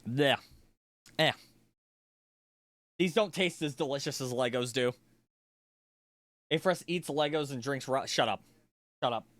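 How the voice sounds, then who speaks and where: Casual livestream chatter, playful, swearing, unhurried pace, dry close mic. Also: medium pitch, dry recording. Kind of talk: casual livestream chat while building.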